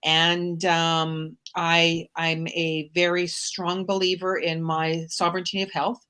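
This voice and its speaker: A woman's voice: lowish voice, little pitch movement, slow pace, sharp tone, clean tone. Upbeat woman hosting a chat show. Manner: upbeat, exclamatory, motivational. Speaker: host. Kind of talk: casual chat.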